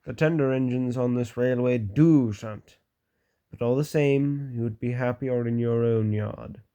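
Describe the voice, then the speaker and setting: Stern storybook railway boss, older man, measured and a touch louder, read by a man. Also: mid-range voice, clean tone, natural voice. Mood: severe. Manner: slow, severe and measured.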